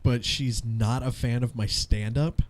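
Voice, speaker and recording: His voice is mid-range and a little slow as this man in his thirties co-hosts a laid-back radio show. He's an animated storyteller who curses and laughs through the banter.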